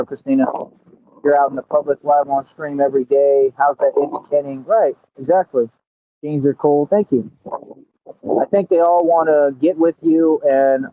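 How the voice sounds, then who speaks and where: A man on a livestream brags and tells off his audience in street slang. His voice sits fairly high for a man. The sound is tinny and dry, as if heard over a phone, with no room around it. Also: no echo. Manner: boastful, scolding, streetwise slang. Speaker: livestream host. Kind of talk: confrontational livestream talk.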